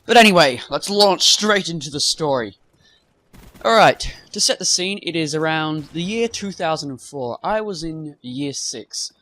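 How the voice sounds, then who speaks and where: A young man with a fairly high voice tells a long, meandering story over his gameplay. He trails off into fillers and side remarks as he goes. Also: animated, measured pace, bright, forceful tone. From half British. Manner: rambling, many fillers and asides. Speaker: gaming commentator.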